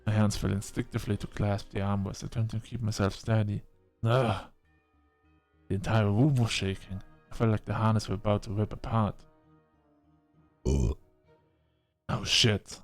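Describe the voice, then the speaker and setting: A man narrating a first-person science fiction story in an expressive manner, breaking off into short exclamations. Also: lowish voice, fast talker, hardly any pauses, faint music behind.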